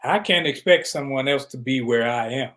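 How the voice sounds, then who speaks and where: A man from Detroit, reflective, quickly telling a personal story in a casual discussion. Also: medium pitch, a bit bright.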